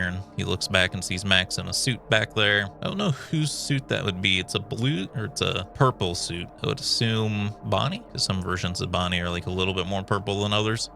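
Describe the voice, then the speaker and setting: A man in his thirties chatting through a casual movie recap, acting out the characters' lines with quick laughs. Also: on the low side, gravelly, pushed and bright. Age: adult, 30s. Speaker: video creator.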